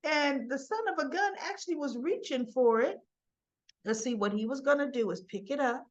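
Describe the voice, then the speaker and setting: A woman's voice: high voice, moderate pace, dull audio. A woman giving a casual, chatty recap of soap opera scenes, slipping in asides and quoted dialogue.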